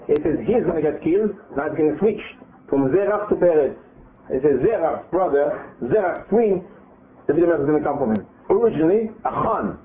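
Leading a live group through a Torah lesson, this man retells scripture with frequent repeats and dramatized quotes. He speaks fairly quickly in a fairly high voice with lively intonation, captured on narrow, phone-like audio.

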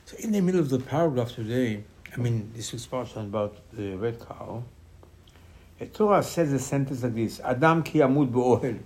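A man's voice: mid-range voice, moderate pace. Guy giving a torah class, voice jumping all over, acts out the verses like a conversation, says stuff twice. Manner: animated storytelling, voices the text as dialogue, repeats phrases. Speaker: rabbi. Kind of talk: Torah lesson.

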